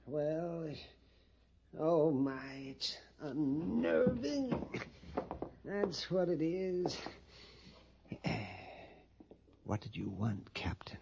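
A man's voice: a little high, drawn-out words, creaky, long pauses, noisy background, heavily acted. An actor playing a nervous, fussy male storekeeper at an army post in a 1950s radio drama, theatrical and prone to whispering. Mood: jittery, secretive. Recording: dull old radio broadcast recording.

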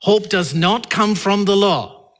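A male pastor preaching a sermon in an earnest way, building to emphatic peaks and dropping low again. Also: slow pace, a bit bright.

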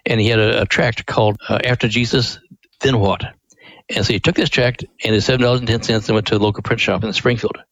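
A man's voice: lowish voice, fairly even intonation, quick pace, a bit bright, no echo, dull audio. An older man from Missouri and a guest on a Christian radio show tells his family's ministry story in an earnest, devout, folksy way. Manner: earnest, devout, acts out quoted voices.

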